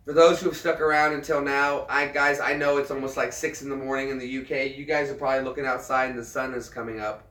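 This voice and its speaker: A man in his thirties, a military veteran, chatting casually on a livestream, earnest and halting, often repeating himself as he restarts a thought. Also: mid-range voice, flat delivery, fairly bright tone. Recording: roomy sound, mic at a distance.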